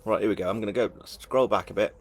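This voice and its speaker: Husky chatty Northern English man. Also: on the low side, fast. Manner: chatty and jokey, self-deprecating, with bursts of excited enthusiasm. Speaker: author hosting a live book launch. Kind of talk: casual live-stream chat reading comments.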